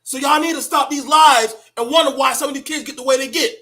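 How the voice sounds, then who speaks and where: A middle-aged man lectures his listeners in a casual, profane monologue. His voice sits high for a man and has a bright, forceful edge. He talks bluntly and preaches hard. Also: steady tone, quick pace. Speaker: commentator on parenting.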